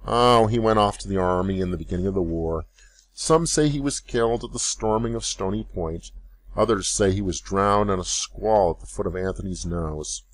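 A man's voice: deep voice, moderate pace, natural voice. A man voicing an old villager with a thin, piping voice, telling news plainly. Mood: matter-of-fact.

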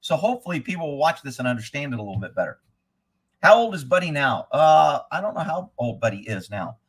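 Blunt, husky horse trainer man. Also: fairly high pitch, big pitch swings, fast. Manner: blunt and rambling, swears freely. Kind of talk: live commentary on riding footage.

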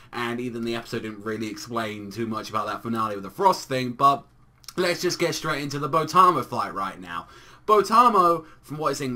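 Bright-voiced young man, profane ranting. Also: mid-range voice. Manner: swearing, exasperated and animated. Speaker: anime reviewer. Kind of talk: casual reaction rant.

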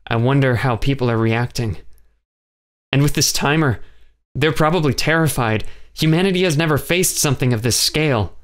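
A man reading an audiobook, voicing a calm, practical young woman who speaks firmly. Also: mid-range voice, moderate pace, voice pushed up, close to an everyday voice. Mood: firm, worried.

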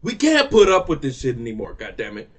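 A man's voice: medium pitch, wildly swooping pitch, fairly quick. A man giving a heated, profane rant to camera about a music release, repeating himself for emphasis. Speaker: music reaction vlogger.

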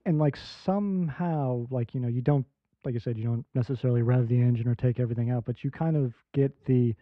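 A man's voice: mid-range voice, a little fast, dry recording. A man hosting a podcast, chatting casually in loose, filler-heavy talk. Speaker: podcast host. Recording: tinny phone-like line, dry.

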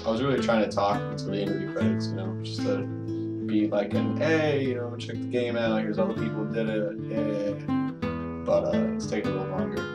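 Rambling low-voiced gamer, roomy distant mic. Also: male voice, fairly even intonation, brisk, over loud music. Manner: rambling, filler-heavy chat. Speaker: gameplay co-host. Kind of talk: casual gameplay commentary.

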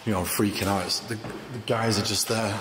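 A jumpy, nervous man with a lowish voice narrates his own ghost hunt. He calls out to spirits as he moves through a big old building, and the sound rings with a long, roomy echo over steady background noise. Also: a little fast. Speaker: paranormal investigator. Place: large old building, indoors. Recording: echoey hall with background noise.

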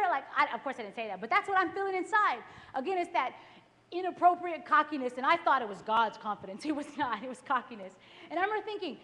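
A woman giving a testimony sermon at a church worship service, telling stories lively and acting out her own past thoughts. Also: high voice, quick pace. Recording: echoey live church recording.

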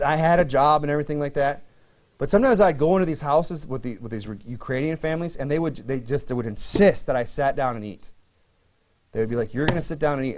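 A man's voice: mid-range voice, darkish tone. Man preaching with joking asides. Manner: conversational preaching with humorous asides. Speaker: pastor. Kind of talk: sermon.

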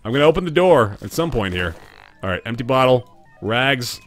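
A man doing live gameplay commentary, joking with chat, thanking viewers and yelling when startled. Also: medium pitch, sing-song, a little fast, faint music behind. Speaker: gaming livestreamer.

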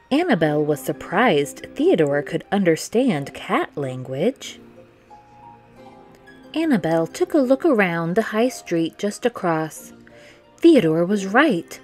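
A woman reading a children's picture book aloud, narrating in a slow, gentle storytelling manner. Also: on the low side, sing-song, soft background music. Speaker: storytime reader.

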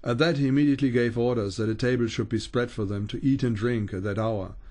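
A man, a Bible teacher, reads an ancient account aloud at an unhurried pace, with small stumbles and restarts. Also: mid-range voice, fairly even intonation, darkish tone.

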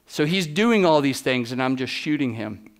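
A man giving a keynote talk as a photographer, telling lively anecdotes and acting out the exchanges he quotes. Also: mid-range voice, moderate pace. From United States. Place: conference stage.

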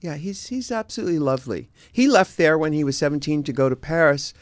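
A man in his sixties from San Diego, chatting casually as an interview guest, relaxed and halting with many fillers and restarts. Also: a little high, no echo. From San Diego, United States.

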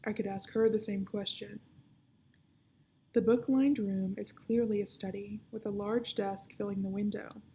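A woman librarian reading a children's book aloud, narrating in a hushed, often whispered voice. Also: medium pitch, fairly even intonation, a little slow, slight background noise.

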